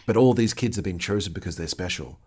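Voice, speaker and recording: A man's voice: sits low, fast talker, darkish tone, husky. A man co-hosting a casual chat, retelling a TV episode's plot. He swears and laughs as he quotes the characters. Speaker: podcast co-host.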